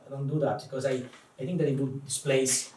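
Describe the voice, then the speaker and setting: A man's voice: mid-range voice, brisk. An Italian-accented man speaks as a guest at a live public event, thinking aloud and often restarting his sentences. He is picked up from well off the mic in a reverberant room. A faint hiss sits under his voice. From Italy. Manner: thoughtful, animated, many restarts. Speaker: guest translator. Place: event room before an audience. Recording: echoey room, distant mic, faint noise.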